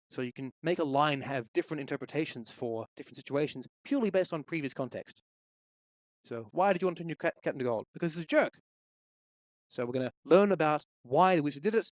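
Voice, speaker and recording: Man, game development tutorial, steady walkthrough, slightly higher voice, dry close mic. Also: no room sound. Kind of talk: screen-recorded tutorial.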